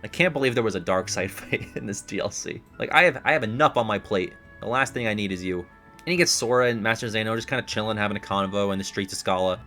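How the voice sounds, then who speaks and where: A young man in casual reaction chat about a video game, rambling and excitable, laughing often. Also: on the low side, quick pace, faint music behind.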